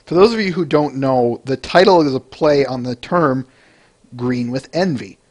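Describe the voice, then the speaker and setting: Speaking at a moderate pace with medium pitch and a darkish tone, a male podcast host runs an informal review show. He rambles, restarts often, and addresses listeners by name between points.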